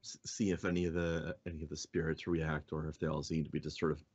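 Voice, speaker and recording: A man's voice: extremely low pitch, little pitch movement, quick pace, a little mellow, breathy edge, lo-fi sound. A man playing a tabletop game, chatting casually and joking with the others. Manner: laughing, joking.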